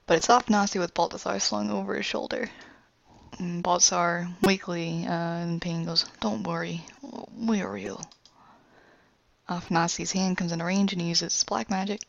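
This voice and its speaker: Gravelly-voiced woman casually retelling a scene. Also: lowish voice, dry recording. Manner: loose storytelling with many fillers. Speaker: creator pitching an animation. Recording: dull lo-fi recording.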